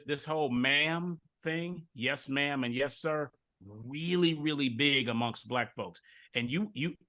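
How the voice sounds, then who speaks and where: Middle-aged male host from Detroit, bright edge, loose chatty storyteller who restarts often. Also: on the high side. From Detroit, USA. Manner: repeats words and restarts often, relaxed storytelling. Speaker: podcast host. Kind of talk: casual interview chat.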